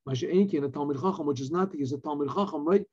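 A man, a rabbi, teaching a Torah lesson, reading Hebrew phrases and explaining them in English with animated emphasis. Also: fairly high pitch, fast talker, slightly rough, dull audio.

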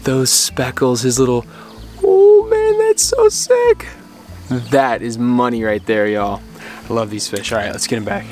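Male angler-vlogger, excitable and exclamatory, outdoors by a creek. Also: medium pitch, normal speed, faint music behind. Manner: excitable, exclaiming, laughing often. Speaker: fly fishing vlogger. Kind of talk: excited outdoor vlog commentary.

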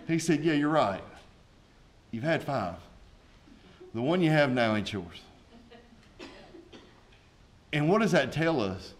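A man's voice: on the high side, very animated, measured pace. A man, a pastor preaching a sermon with folksy asides and rising intensity.

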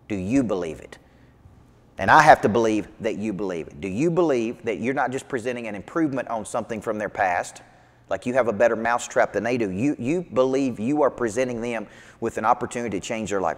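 Emphatic male motivational coach, reverberant hall. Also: medium pitch. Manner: emphatic, repetitive, energetic preaching cadence. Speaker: business coach. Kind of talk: motivational talk.

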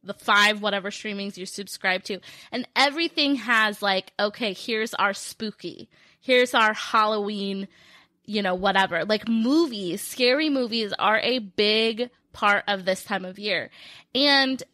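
A woman, co-hosting a casual podcast, chatty and giggly in quick bursts. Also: medium pitch, pushed and bright, no echo. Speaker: podcast co-host.

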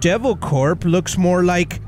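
A man's voice: high voice, slow, darkish tone, slight background noise. A man hosting VR gameplay commentary, taunting game characters in exaggerated tough-guy slang. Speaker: VR gaming channel host.

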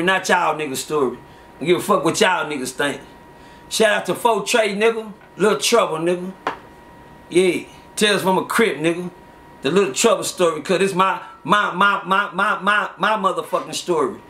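A man tells street stories in a high, bright voice. He talks casually and acts out the people he quotes with loud, lively voices. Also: normal speed, slight background noise. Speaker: storyteller. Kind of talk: casual storytelling.

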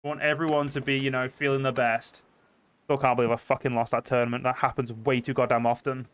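A man streaming a game, chatting casually and swearing often, with sudden loud outbursts. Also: mid-range voice, fast. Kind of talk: casual gameplay commentary. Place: home, seated at a desk.

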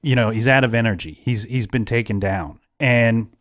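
A man's voice: medium pitch, normal speed. A man hosting a casual true-crime podcast, retelling events at length with frequent restarts. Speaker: podcast host.

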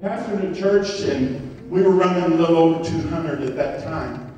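A man preaching a sermon as pastor, swinging from loud, high exclamations to soft murmurs. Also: moderate pace, muffled recording, a little hiss or hum. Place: church sanctuary. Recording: echoey church hall from far off.

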